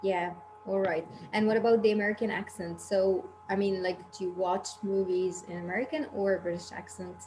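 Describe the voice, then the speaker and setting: A woman hosts a casual English conversation class over a video call and keeps prompting her students with questions. Her voice sits at a middle pitch. Steady background noise runs under the call. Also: normal speed, hardly any pauses. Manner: encouraging, asks questions. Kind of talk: casual online class chat. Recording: noisy video call audio.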